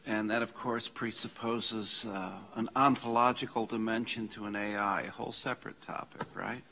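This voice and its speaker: A man leading an informal church class, slowly reading out Greek scripture and explaining the grammar with casual asides. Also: lowish voice, steady tone, creaky, sharp tone. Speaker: Bible study teacher. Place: church meeting room.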